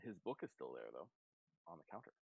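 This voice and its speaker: A man's voice: deep voice, quick pace, vocal fry, husky, no room sound, low-quality recording. A man running a tabletop game as game master, narrating with lots of fillers. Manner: relaxed, filler-heavy narration.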